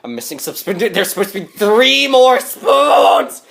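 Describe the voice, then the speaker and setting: A man's voice: medium pitch, lively intonation, brisk, gravelly, a bit bright. A man voicing a fussy, confused male time wizard who mutters fretfully.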